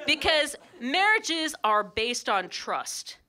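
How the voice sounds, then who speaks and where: A woman's voice: a little high, sing-song, unhurried, bright, forceful tone. A pregnant woman comedian doing a sarcastic, playfully petty stand-up set on stage before a live audience. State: heavily pregnant. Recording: live crowd laughter and room noise.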